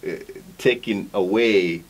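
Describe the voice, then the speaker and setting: A man from Africa answering interview questions, talking in halting bursts with frequent restarts and tagging his points with "right?". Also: fairly low pitch, husky. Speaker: interview guest.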